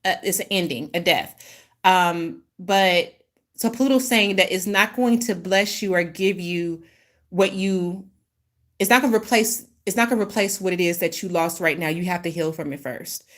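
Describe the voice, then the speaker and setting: A woman's voice: on the low side, normal speed. A rambling, apologetic woman reading cards. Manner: rambling, stumbles and restarts, apologetic. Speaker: intuitive reader, host. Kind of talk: casual channeled reading.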